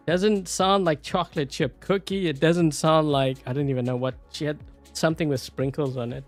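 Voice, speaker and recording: A man's voice: fairly high pitch, normal speed, soft background music. A man with a South African accent giving rambling, casual gameplay commentary, full of fillers and laughing often. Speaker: gameplay YouTuber.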